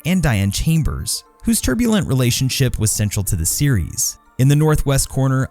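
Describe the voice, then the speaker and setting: Lively male video-essay narrator. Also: mid-range voice. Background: background music.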